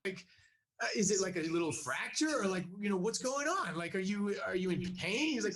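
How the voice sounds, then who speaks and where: Higher-voiced man, rambling guest storyteller, lots of restarts. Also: lively intonation, brisk, a bit bright. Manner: rambling, full of fillers and restarts. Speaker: actor telling a story as a guest. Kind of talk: anecdote on a talk show.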